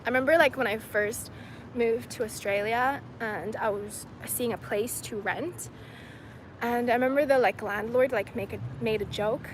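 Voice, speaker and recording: A woman's voice: fairly high pitch, moderate pace, rough recording. A young woman from China chatting casually to a livestream, rambling and filling her talk with "like". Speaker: streamer answering chat questions. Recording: outdoor street and traffic noise.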